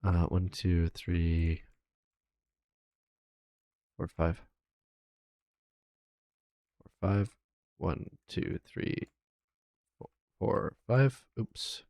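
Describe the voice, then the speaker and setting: Low-voiced man muttering through a game stream. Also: very slow, gravelly, long pauses, dark tone, dry recording, studio quality. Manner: mutters and counts to himself while building. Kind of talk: casual gameplay commentary.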